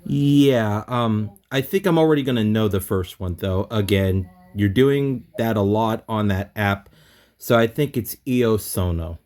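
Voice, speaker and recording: A man as a language student on a video call, reading slowly, stumbling and correcting himself. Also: on the low side, darkish tone. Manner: hesitant, self-correcting, laughs at his own slips. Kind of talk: casual online lesson talk.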